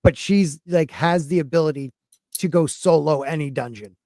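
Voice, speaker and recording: A warm-toned man with a fairly high voice co-hosts a podcast, speaking at normal speed. The recording is dry and studio quality. He chats casually about anime in a rambling way, restarting frequently.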